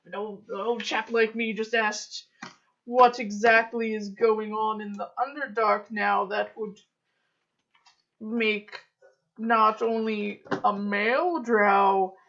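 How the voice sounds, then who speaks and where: A woman's voice: mid-range voice, steady tone, slow pace, fairly bright tone. A woman voicing a fussy, honor-bound old male elf librarian who mutters to himself. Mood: curious. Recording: dull lo-fi audio.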